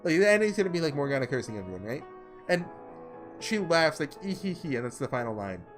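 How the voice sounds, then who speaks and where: A man's voice: on the high side, sing-song, quick pace, over music. A man hosting a visual novel playthrough, rambling casually with lots of filler words. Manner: rambling, chatty, full of "like". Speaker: let's play host. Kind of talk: casual game commentary.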